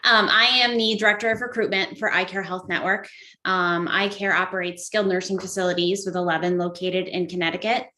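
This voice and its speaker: A woman's voice: fairly low pitch, steady tone, fairly quick, pushed and bright, roomy sound. A woman giving prepared testimony at a hearing, formal with frequent fillers. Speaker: nursing home recruitment director testifying.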